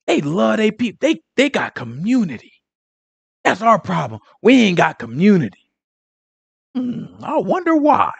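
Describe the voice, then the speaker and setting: A man teaching a Sabbath congregation, his fairly high voice leaping up and down as he fires off rhetorical questions. His delivery is loose and conversational, and the sound is close and dry with little room around it. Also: creaky, no echo.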